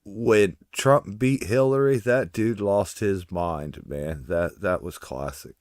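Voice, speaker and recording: A man co-hosting a casual podcast chat, talking in an excitable, blunt and profane way. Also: fairly low pitch, slow pace, no echo, clean studio sound. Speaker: podcast co-host.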